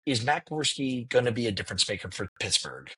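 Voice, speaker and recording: A man's voice: medium pitch, big pitch swings, sharp tone, husky, poor audio. A man hosting a casual sports podcast, steering the talk from topic to topic. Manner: runs the agenda, quick topic jumps. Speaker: podcast host.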